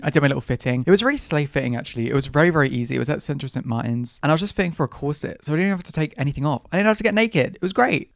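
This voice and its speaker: A young man hosts a casual solo podcast, spinning dramatic, sassy stories. His voice sits fairly high for a man. The sound is close and dry, with no room around it. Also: no room sound. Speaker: podcast host.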